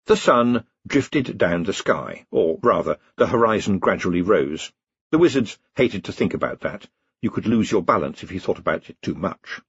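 A man narrating an audiobook in a wry, expressive storytelling manner. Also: low-pitched, normal speed, slightly rough, no room sound, dull audio. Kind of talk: scripted narration.

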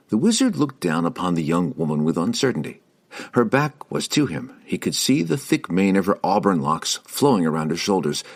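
A man reading a fantasy novel aloud as an audiobook, measured and expressive. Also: sits low. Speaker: audiobook reader. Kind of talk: scripted fantasy novel narration.

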